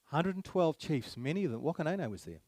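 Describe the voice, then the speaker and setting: A man's voice: fairly high pitch, sing-song, quick pace, a little mellow, no room sound. A man giving a public speech to a live audience, emphatic, repeating key phrases and firing rhetorical questions at the crowd. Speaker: speaker at a public meeting.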